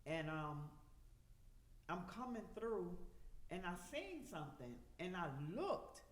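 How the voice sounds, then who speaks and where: A woman's voice: lowish voice, very animated, slow pace. A woman, telling a vivid story with laughter in casual chat. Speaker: podcast guest. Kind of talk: casual chat among women. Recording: roomy echo.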